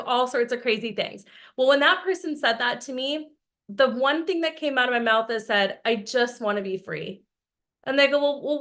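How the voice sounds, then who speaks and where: A woman's voice: a little high, fairly bright tone. A woman from Austin, Texas, in her thirties, giving an enthusiastic, chatty sales presentation over a video call and laughing often. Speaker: business presenter.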